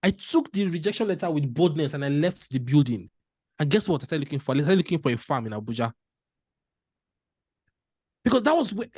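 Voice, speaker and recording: A man, giving a motivational storytelling talk as a panel speaker, animated and laughing often as he acts out dialogue. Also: fairly high pitch, dry recording, studio quality.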